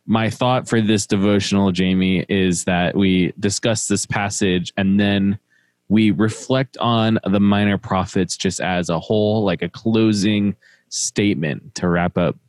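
A man's voice: lowish voice, steady tone, unhurried, a little mellow, no echo. A man with a Midwestern accent co-hosting a casual devotional, laughing easily and reading scripture steadily. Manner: easygoing, laughs often, reads scripture steadily. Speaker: devotional co-host.

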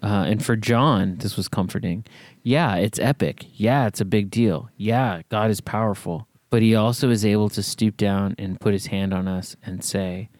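Recorded dry, a man with a somewhat low, slightly mellow voice speaks at normal speed while casually discussing a Bible passage. He explains as he goes, frequently tagging on a rhetorical "right?" in a conversational way.

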